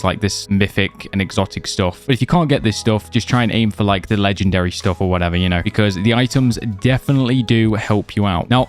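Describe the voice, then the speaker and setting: A young man talks through a game guide in a relaxed, rambling way, leaning on fillers like "like" and "you know." His voice sits on the lower side and sounds slightly worn, as if he is losing it. Soft game music plays faintly underneath. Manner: chatty, loose, many fillers like "like" and "you know". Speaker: gaming video creator. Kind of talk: casual gameplay guide commentary.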